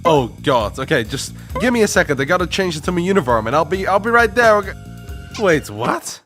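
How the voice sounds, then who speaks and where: A woman's voice: lowish voice, big pitch swings, a little fast, a bit bright, soft background music. A woman doing a cheeky cartoon soldier.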